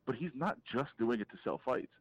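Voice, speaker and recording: A man, a fight reporter calling in as a podcast guest, giving an animated, opinionated breakdown with frequent restarts. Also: mid-range voice, brisk, muffled recording. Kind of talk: casual podcast interview, calling in.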